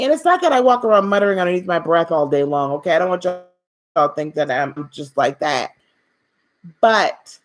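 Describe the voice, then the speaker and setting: A woman leads an inspirational spiritual talk on a live stream. Her delivery is gentle and preacherly. She repeats key phrases for emphasis and speaks warmly and directly to her viewers. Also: fairly low pitch, moderate pace. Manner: speaks directly to viewers, calls them beloved.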